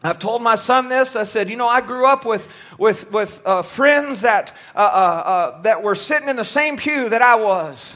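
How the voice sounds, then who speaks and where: A man preaching a sermon from a church pulpit, shouting at times and dropping low at others, often stumbling over his words. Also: lively intonation, normal speed, few pauses. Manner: impassioned, swings from shouting to near-quiet.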